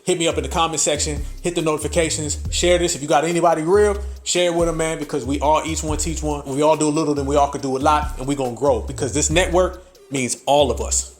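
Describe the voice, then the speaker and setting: Brash swearing man ranting, laughing often. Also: fairly high pitch. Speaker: podcast host. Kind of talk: profane comedic rant.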